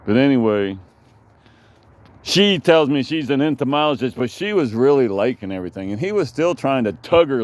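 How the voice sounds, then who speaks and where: A man's voice: mid-range voice, very animated, moderate pace, a little mellow, no echo. A man telling a long, meandering story in a casual vlog, cursing freely and drifting from one thought to the next. He speaks outdoors in his backyard. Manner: rambling, profane, digressive storytelling.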